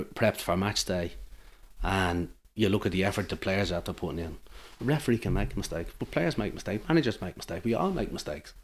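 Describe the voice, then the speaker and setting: Irish guy middle aged, lowish voice, rambles thru stories, lots of restarts. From Ireland. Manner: rambling anecdotal storytelling with many restarts. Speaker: guest, amateur football manager. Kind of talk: casual podcast chat.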